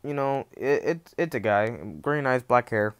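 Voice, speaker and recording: Slow, rambling young man telling a story. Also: mid-range voice, clean tone. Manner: rambling, many fillers and restarts, acts out quotes. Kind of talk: casual spoken fan-fiction retelling.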